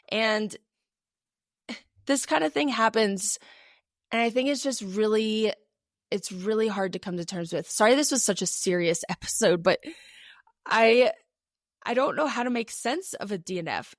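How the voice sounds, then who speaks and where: A woman's voice: fairly high pitch, moderate pace, no room sound, clean studio sound. A young adult woman co-hosting a podcast, telling a personal story in a casual, chatty way with many fillers. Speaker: podcast co-host.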